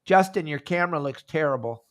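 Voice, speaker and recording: Animated fishing show host, man. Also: on the high side, a little fast, slight background noise. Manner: animated, acts out phone calls in raised voice. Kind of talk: casual podcast chat.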